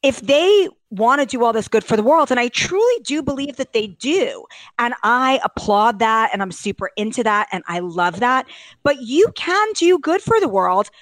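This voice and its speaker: A woman co-hosting a casual celebrity gossip podcast, talking with exaggerated, animated outrage. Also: moderate pace, no room sound, poor audio. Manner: animated, exaggerated outrage, leaps to high pitch. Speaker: podcast co-host.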